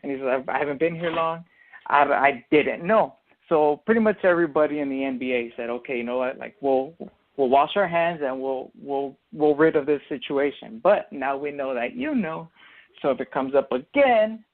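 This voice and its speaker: A man talks through a sports opinion in a loose, rambling podcast chat, leaning on fillers and restarts. His voice sits a little high for a man, and the sound is thin and narrow like a phone line. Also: normal speed. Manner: rambling, filler-heavy explaining. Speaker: podcast co-host. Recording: tinny phone-like audio.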